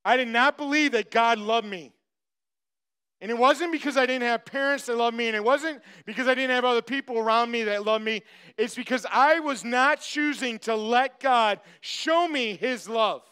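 Pastor guy preaching in church, smooth clear high voice, keeps repeating himself for emphasis. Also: normal speed, pushed and bright. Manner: emphatic, repeats phrases, addresses congregation directly. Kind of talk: sermon.

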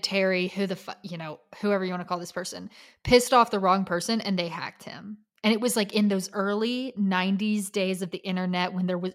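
A woman co-hosting a podcast, casually recapping a documentary and acting out the people in it as she tells it. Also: medium pitch. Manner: animated storyteller, acts out quotes, swears casually. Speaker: podcast co-host.

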